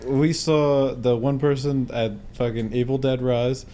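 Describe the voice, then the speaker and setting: A man's voice: mid-range voice, level tone, measured pace, noisy background. A young man chatting on a podcast, blunt and profane with strong opinions. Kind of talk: casual podcast chat.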